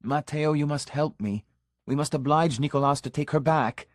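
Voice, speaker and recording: A man voices a flustered middle-aged missionary pastor, pitching his voice fairly high, above his own natural range, yet still close to everyday speech. He protests at a moderate pace, and his voice rises and cracks as he does. The recording is clean studio sound with no room echo.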